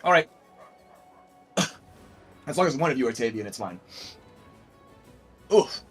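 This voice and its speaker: A man's voice: mid-range voice, animated, measured pace, breathy edge, soft background music. A young man narrating a tabletop game as game master, rambling with fillers and restarts.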